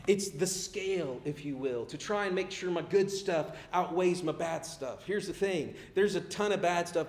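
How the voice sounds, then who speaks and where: A middle-aged man preaching a sermon in a conversational way. He gets animated when he acts out people pleading. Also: a little high. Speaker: pastor. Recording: echoey room.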